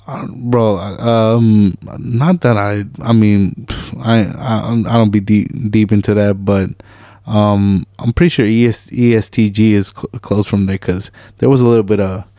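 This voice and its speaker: A man with a low voice jokes around in slangy podcast chat and peppers it with "you feel me" and plenty of ums. The sound is dry and close, with no room around it. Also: fairly even intonation, a little slow, mellow, no room sound. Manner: loose, joking slang with "you feel me" and fillers. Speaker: podcast co-host. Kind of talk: casual chat.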